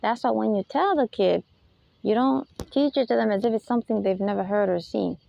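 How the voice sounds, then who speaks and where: A woman's voice: mid-range voice, brisk, vocal fry, mellow, dull audio. A woman giving an unscripted spiritual lecture, emphatic and full of rhetorical questions, often laughing between points. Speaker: spiritual talk host.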